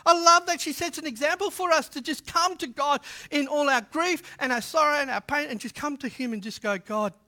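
A man preaching a sermon in a humorous, conversational way, swinging from loud to hushed. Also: extremely high pitch, fairly quick, hardly any pauses. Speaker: pastor.

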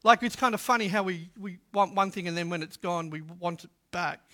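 Aussie guy preaching, really high bright voice, jokey and chatty, gets loud then drops quiet. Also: a little fast. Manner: humorous, conversational preaching with swings from loud to hushed. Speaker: pastor. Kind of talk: sermon.

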